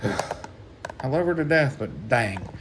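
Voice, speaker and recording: A soft-spoken man doing a casual mail-call vlog about his toys, talking haltingly with many restarts, at home. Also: medium pitch, noisy background. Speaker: toy collector vlogger.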